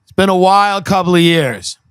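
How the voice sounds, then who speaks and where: A man's voice: high voice, expressive, moderate pace, fairly bright tone, clear, resonant tone, no room sound, clean studio sound. A man hosting a podcast, delivering a profane, sarcastic comedic rant that mocks the people he describes. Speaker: podcast host.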